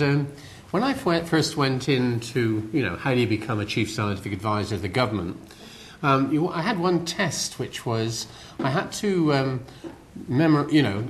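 An older man from England's West Country, with a matching accent, gives a public lecture in a lecture hall as a guest speaker. His mid-range voice is animated and moderately paced, chatty and self-deprecating with many fillers and restarts, over a little hiss or hum.

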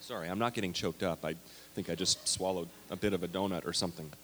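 A man's voice: sits low, steady tone, fast, a bit bright. A man preaching a conversational, story-filled sermon as pastor of a church. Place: church sanctuary. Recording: long hall reverb.

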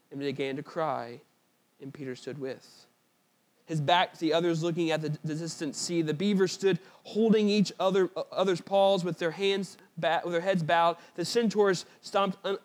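A male preacher with a fairly high voice gives an earnest, emphatic sermon. He presses his points in short repeated phrases and sometimes trips and restarts mid-word. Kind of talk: sermon with a read-aloud story passage.

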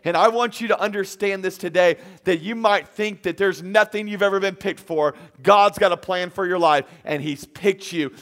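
High-voiced preaching man. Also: moderate pace, hardly any pauses, fairly bright tone. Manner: emphatic preaching with repeated lines and acted-out quotes. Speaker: pastor. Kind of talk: sermon. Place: empty auditorium.

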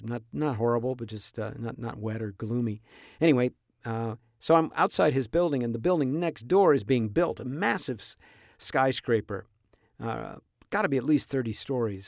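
A man's voice: medium pitch, darkish tone, no echo. Rambling storyteller man, dry close sound. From Southern California. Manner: rambling, with restarts and laughs. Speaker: podcast host. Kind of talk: casual storytelling monologue.

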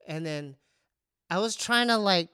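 A man's voice: sits high, a little slow, smooth, no room sound, clean studio sound. A man telling a comic personal story in casual chat, stammering and poking fun at himself. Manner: animated, stammering, self-mocking.

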